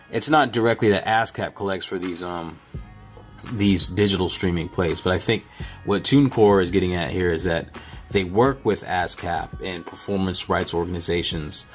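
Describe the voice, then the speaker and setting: A man vlogging in a casual, earnest way, thinking aloud with many fillers and restarts. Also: low voice. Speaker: vlogger, beat maker.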